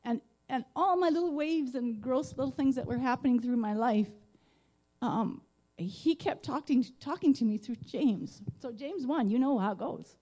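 Middle-aged woman, high but mellow voice, gives a halting church testimony. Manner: halting, emotional, many fillers. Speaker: guest speaker. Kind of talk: personal testimony. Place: church sanctuary.

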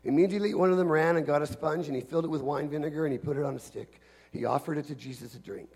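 Gravelly, husky-voiced man preaching a sermon. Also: on the high side, very fast. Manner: earnest, builds from hushed to shouting.

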